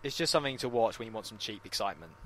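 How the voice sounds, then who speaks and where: A man's voice: lowish voice, expressive, very fast, a bit bright, slight background noise. A man co-hosting a casual podcast chat, sarcastic and blunt, swearing freely. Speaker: podcast co-host.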